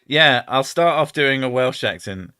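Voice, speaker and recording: A man's voice: mid-range voice, expressive, a little slow, sharp tone, clean tone. A British man hosting a live stream, chatting casually with lots of swearing and self-mocking jokes. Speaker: streamer host.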